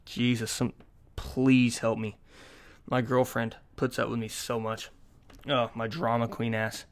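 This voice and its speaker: A man's voice: medium pitch, little pitch movement, moderate pace. A young man in his twenties talks on his own podcast in a loose, rambling way. He swears freely and tells jokey stories, now and then jumping into sudden bursts of energy. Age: 20s. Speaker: podcast host. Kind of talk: casual solo podcast monologue.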